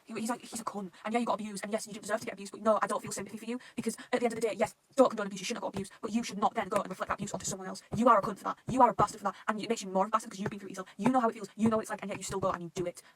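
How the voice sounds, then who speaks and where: Young adult woman, fan reaction vlogger; excitable, sweary, very fast delivery. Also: mid-range voice, slightly rough, rough recording. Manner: gushing, excitable, swears a lot. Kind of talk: casual fan reaction chat.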